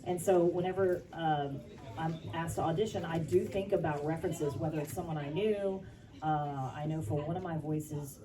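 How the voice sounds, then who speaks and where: A voice actress talking on a convention panel in an animated, expressive way. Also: female voice, lowish voice, moderate pace. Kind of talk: panel talk. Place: convention hall. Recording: from far off, over crowd noise.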